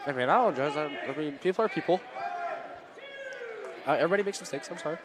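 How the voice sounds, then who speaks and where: A man doing live play-by-play commentary at a school wrestling meet, excitable and rambling, often stopping to apologize. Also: a little high, fast talker. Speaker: play-by-play announcer. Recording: loud gym crowd noise. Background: cheering crowd and shouting coach.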